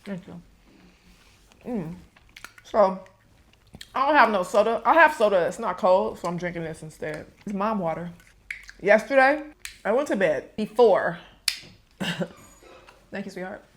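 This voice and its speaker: A woman's voice: mid-range voice, lively intonation, measured pace, long pauses, fairly bright tone. A woman vlogger chatting casually with her viewers while she eats a meal on camera. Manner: chatty, talks straight to viewers. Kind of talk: casual mukbang chat.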